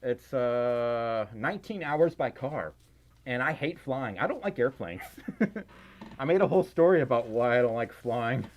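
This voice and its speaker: A young man chatting on a livestream, reading out donations in an excitable, giggly, rambling way that keeps running him out of breath. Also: medium pitch, measured pace. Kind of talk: casual livestream chat. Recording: slightly dull lo-fi stream audio.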